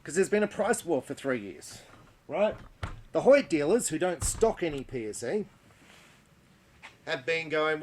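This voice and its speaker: Blunt, exasperated Australian man, raised pitch. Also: big pitch swings, a little slow, pauses often, slight background noise. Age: older. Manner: blunt, exasperated, rhetorical, keeps asking "right?". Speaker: archery shop owner. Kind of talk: frustrated monologue to camera.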